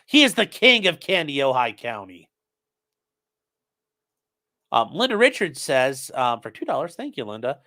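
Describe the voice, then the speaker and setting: A man's voice: medium pitch, sing-song, a little slow, pauses often, pushed and bright. A man hosting a casual commentary stream, reading viewer messages aloud and answering them sarcastically. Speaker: host reading chat.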